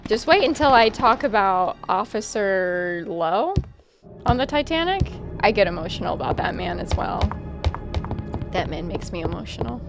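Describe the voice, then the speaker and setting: Over background music, a woman with a medium-pitched, creaky, sing-song voice talks at a normal pace. She's gaming on a live stream, chatting casually with her audience, addressing chat, and calling herself very emotional.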